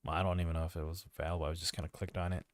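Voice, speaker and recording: A man's voice: low voice, flat delivery, very fast, dry recording. A man hosting a livestream in casual chat, rambling and hesitant with frequent restarts. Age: adult parent. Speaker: livestream host.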